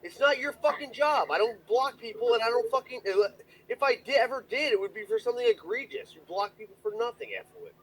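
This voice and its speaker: A man ranting on a livestream in a high, swooping voice that leaps up and down as he shouts. He curses constantly and lectures the other person without letting up. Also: lively intonation, brisk, slightly rough, low-quality recording. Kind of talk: angry livestream rant.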